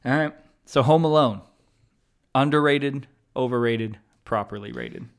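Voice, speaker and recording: A young adult man hosting a podcast in casual chat, laughing a lot, swearing freely, and getting loud when he is worked up. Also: medium pitch, a little slow, vocal fry, smooth. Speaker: podcast host.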